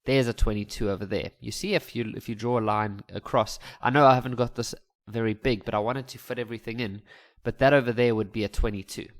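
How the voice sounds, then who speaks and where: A man talking through a maths exam paper in a relaxed, chatty way, thinking aloud and adding jokes. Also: medium pitch, quick pace. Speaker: maths teacher. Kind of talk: casual explanatory lesson voice-over.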